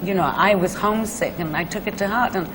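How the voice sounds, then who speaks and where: A Welsh singer with a mid-range voice talks fast over background noise as a guest in a television studio interview. She chats through her stories with many fillers and laughs.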